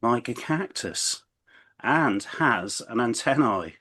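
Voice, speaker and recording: A man's voice: medium pitch, expressive, slow pace, fairly bright tone, husky. A man co-hosting a podcast, chatting casually and stumbling through restarts and fillers as he tells a story. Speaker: podcast co-host. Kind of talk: casual chat.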